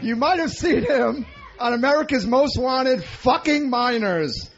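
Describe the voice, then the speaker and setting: A man's voice: extremely high pitch, expressive, unhurried, soft background music. A man emceeing a comedy contest on a radio show, brash and crude. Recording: muffled radio broadcast, live crowd.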